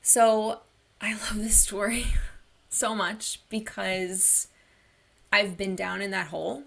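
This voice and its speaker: A woman's voice: mid-range voice, little pitch movement, slow pace, creaky, a bit bright. A woman wellness coach giving an online workshop in an earnest, personal storytelling manner.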